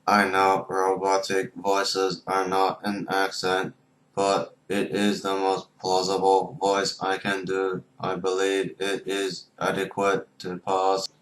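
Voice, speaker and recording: A man putting on a slow, low robot voice. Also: poor audio. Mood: deadpan. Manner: slow, even, mechanical delivery. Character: flat monotone male robot.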